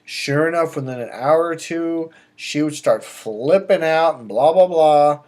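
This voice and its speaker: A middle-aged man, a dating coach, giving emphatic advice straight to camera, swinging between loud bursts and quiet asides. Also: fairly high pitch, measured pace. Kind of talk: direct-to-camera advice monologue.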